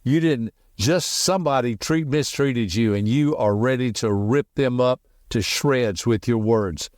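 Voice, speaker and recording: A middle-aged man gives a motivational podcast talk in a quick, folksy, emphatic way, telling stories from his own life. His voice sits at an ordinary pitch, and the recording is dry and close with no room sound. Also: no echo. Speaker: podcast host and personality teacher.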